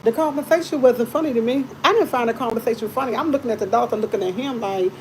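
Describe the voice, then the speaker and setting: Animated woman telling a story on a live stream. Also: on the high side, fast, few pauses, a little hiss or hum, rough recording. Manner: animated, exasperated retelling with repeated phrases; colloquial, blunt, swears freely. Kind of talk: casual storytelling to viewers.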